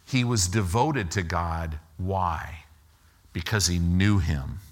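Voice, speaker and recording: A man preaching a sermon as pastor, slowing for emphasis and acting out quoted lines with rising and falling pitch. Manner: slow deliberate emphasis.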